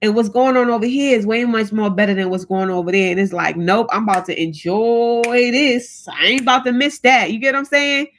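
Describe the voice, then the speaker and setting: A woman speaking talks straight to her viewers in a casual live stream. She keeps encouraging them and preaches a little as she goes. Her voice sits a touch high, and she keeps checking in with "you know what I'm saying". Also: a little fast, few pauses. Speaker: channel host.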